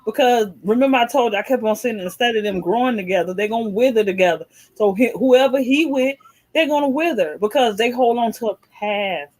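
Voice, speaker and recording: A woman's voice: a little high, a little fast, darkish tone. A woman hosting a tarot talk show, speaking bluntly and emphatically in casual slangy chat.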